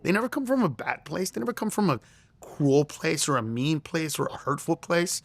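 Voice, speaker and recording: A middle-aged comedian, a guest, tells a story in conversation at a fairly quick clip, his slightly high voice swinging widely in pitch with some vocal fry. He laughs through the tale and acts out quoted lines in a raised voice. There's no room sound.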